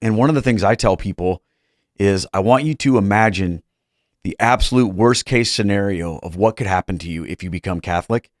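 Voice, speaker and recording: A man hosting an interview, speaking in a calm, explanatory way. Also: on the low side, a little fast, no room sound, clean studio sound. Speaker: host. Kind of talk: interview conversation.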